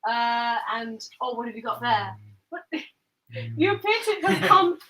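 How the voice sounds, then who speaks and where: High, bright giggly woman baking at home. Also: lively intonation, a little slow, poor audio. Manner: chatty, giggly, exclaiming, swearing at the food. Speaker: streamer. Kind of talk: casual chat while baking. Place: home kitchen. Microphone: built-in device mic, not the headset mic.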